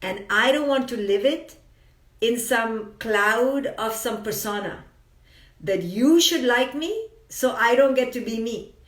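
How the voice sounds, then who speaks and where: Woman preaching-style pep talk on a live stream, higher voice, kinda roomy and off mic. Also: animated, slow, distant mic. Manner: earnest, emphatic, repeats phrases for effect. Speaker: psychologist giving a live talk.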